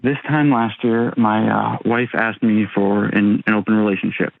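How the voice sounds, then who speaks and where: A man in his thirties calling an advice show, talking haltingly with many pauses and ums. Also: lowish voice, flat delivery, vocal fry, background noise. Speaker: caller. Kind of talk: call-in advice talk. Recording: tinny phone line.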